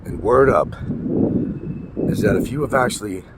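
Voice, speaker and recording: A man's voice: lowish voice, normal speed. A man ranting in a casual vlog, blunt and profane, repeating his points for emphasis. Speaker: vlogger. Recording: wind noise and traffic outdoors.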